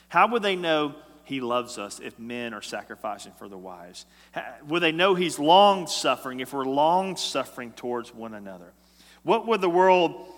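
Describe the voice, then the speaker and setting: A male pastor preaching a sermon, moving between hushed, slow passages and loud, emphatic repetition. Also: on the high side. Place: church sanctuary. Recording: long reverb of a large hall.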